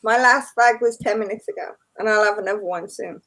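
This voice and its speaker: A woman's voice: mid-range voice, brisk, a bit bright. A woman chatting casually on a livestream with dry, teasing banter. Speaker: co-host on livestream.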